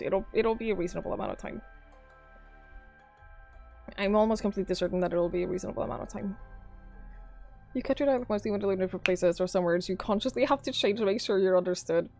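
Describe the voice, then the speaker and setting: A young Norwegian woman with a Norwegian accent in English, chatting casually with her live-stream viewers and reading their messages aloud. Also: medium pitch. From Norway. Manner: chatty, musing aloud, swears casually, reads chat aloud. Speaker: game streamer.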